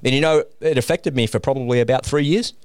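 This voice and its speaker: A middle-aged man, a podcast guest, telling a personal story in a lively way and acting out the voices in it. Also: medium pitch, fast, clear, resonant tone, dry recording, studio quality. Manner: animated, acts out the voices in his story.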